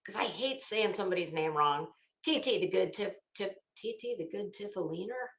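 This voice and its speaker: Woman on a live stream reading chat names, chatty and cursing, bright voice, roomy echo. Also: mid-range voice, animated, normal speed. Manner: chatty, swears freely, greets viewers by name.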